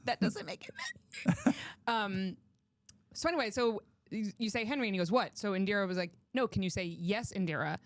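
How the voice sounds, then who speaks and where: A woman's voice: medium pitch, lively intonation, brisk, no echo. A woman co-hosting a casual podcast, telling stories in a wry, laughing way. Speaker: podcast co-host. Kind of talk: casual chat.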